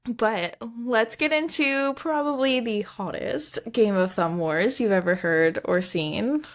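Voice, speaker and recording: A woman's voice: on the high side, animated, takes it slowly. A young woman co-hosting a casual book podcast, chatty and rambling, sometimes tripping over her words. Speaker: podcast co-host. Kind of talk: casual book-discussion chat.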